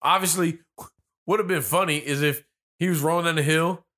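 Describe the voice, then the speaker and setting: A man co-hosting a casual, profane movie commentary. He laughs often and acts out characters in quick voices. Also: fairly high pitch, fairly even intonation, pushed and bright. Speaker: podcast co-host.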